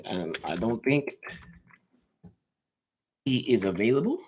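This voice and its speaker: A man's voice: medium pitch, expressive, a little slow, long pauses, breathy edge. Chatty man hosting a live stream. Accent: Chicago. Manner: chatty, reads out viewer comments and answers them. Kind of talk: casual live-stream wrestling chat.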